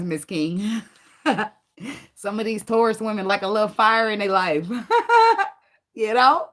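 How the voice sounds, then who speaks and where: A woman's voice: medium pitch, a bit bright, slight background noise. A woman giving a casual tarot reading, blunt and profane, laughing often and sliding into dramatic sarcasm. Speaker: tarot reader.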